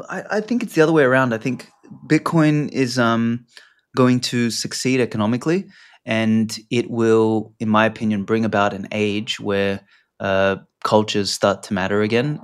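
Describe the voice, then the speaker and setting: As a guest on a podcast, this man rambles loosely, dropping plenty of fillers and offhand curse words. His voice sits lowish and sounds smooth.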